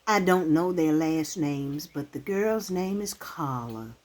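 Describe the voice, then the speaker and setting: A woman, talking to her channel's viewers to camera in a heartfelt, halting, emotional way. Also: low voice, a little mellow. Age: 60s. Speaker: channel host. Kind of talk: casual talk to camera.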